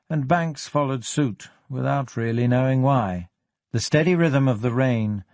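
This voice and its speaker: A man narrating an audiobook in a steady, even-paced reading. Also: medium pitch, no echo.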